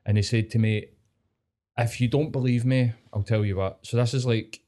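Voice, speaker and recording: A young Scottish man, a podcast co-host, telling a story in sweary, lively casual chat. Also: mid-range voice, normal speed. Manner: sweary, storytelling, animated impressions.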